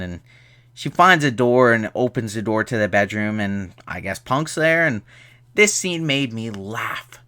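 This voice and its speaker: Bright-voiced young man ranting about a movie. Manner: animated, exasperated, jumps into high mocking voices for characters. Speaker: movie reviewer. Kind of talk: casual spoken movie review.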